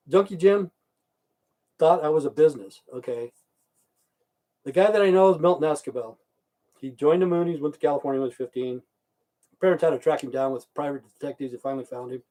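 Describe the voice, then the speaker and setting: A man in his fifties spins a long, crude story full of swearing and repeated lines. His voice is mellow and dark, pitched a little high for a man, with a loose rambling pace. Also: fast. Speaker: livestream host.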